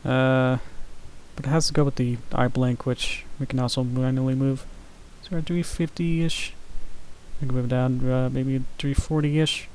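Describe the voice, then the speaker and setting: A man with a monotone voice who chats softly with a live-stream audience while he animates, mumbling with many fillers. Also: medium pitch, a little slow, slight background noise, rough recording. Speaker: animator streaming his work. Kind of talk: casual live-stream chat.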